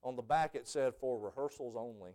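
Preacher man, smooth and clear, spins sermon stories, quiet then loud. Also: medium pitch, a little fast. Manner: storytelling, swings from hushed to shouting.

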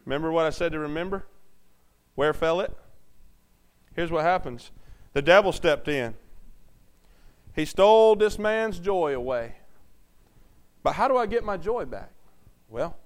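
A man preaching a sermon as pastor, swinging between hushed and loud delivery. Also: on the high side.

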